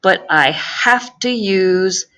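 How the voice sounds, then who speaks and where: A woman's voice: mid-range voice, animated, drawn-out words, fairly bright tone, muffled recording. A woman teacher explaining grammar in a recorded lesson, patient and careful, repeating key phrases and speaking. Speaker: Spanish teacher.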